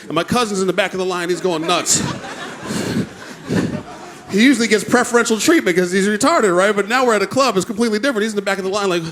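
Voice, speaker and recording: A man performing a stand-up routine on a club stage, telling an animated, profane story and acting out voices. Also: sits high, fast. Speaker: stand-up comedian. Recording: live club audience and noise behind.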